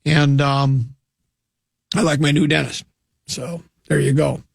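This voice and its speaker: An older man hosting a radio show speaks slowly in a slightly high, gravelly voice with a breathy edge and fairly even intonation. He tells a rambling, self-mocking anecdote with many restarts, recorded at studio quality with no echo.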